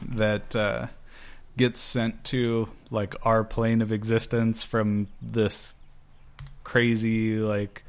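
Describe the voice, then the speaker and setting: A man in casual chat, talking slowly and rambling with lots of fillers. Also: on the low side, clean tone. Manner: slow, rambling, many fillers. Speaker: guest. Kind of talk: casual chat about comic books.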